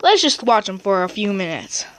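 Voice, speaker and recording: A woman's voice: mid-range voice, big pitch swings, moderate pace, a bit bright, no room sound. A woman casually narrating a home video of her cats and chatting to them.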